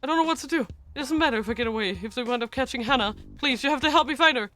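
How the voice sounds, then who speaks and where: A woman's voice: high voice, racing, fairly bright tone, soft background music, pitched above the performer's own voice. A woman voicing a panicked man on the phone who is near tears and pleading frantically. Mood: frantic.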